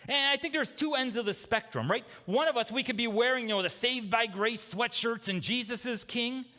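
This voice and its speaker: A man preaching a sermon in a conversational way, checking in with the congregation with quick "okay?" and "right?" asides. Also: very high-pitched, sharp tone, in a large hall. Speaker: pastor. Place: church sanctuary.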